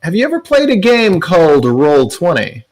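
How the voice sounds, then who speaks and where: A man doing a smooth shady card dealer. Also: sits high, wildly swooping pitch, normal speed, faint music behind, voice pushed up.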